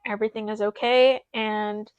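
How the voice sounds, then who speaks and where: A young woman co-hosting a podcast, telling a personal story in an animated way and close to tears. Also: medium pitch, normal speed, clear, resonant tone, no room sound, dull audio. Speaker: podcast co-host. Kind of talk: casual chat.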